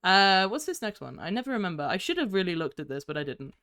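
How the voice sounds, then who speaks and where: A woman's voice: on the low side, big pitch swings, fast talker, fairly bright tone, clean tone. A young woman chatting casually on her first live stream, giggly and easily distracted, a little tired.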